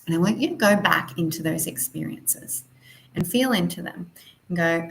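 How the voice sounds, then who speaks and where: Soft-spoken woman guiding a spiritual lesson. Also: on the low side, normal speed, vocal fry, slight background noise, poor audio. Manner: soft, flowing, affirming, with gentle emphasis. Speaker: spiritual teacher.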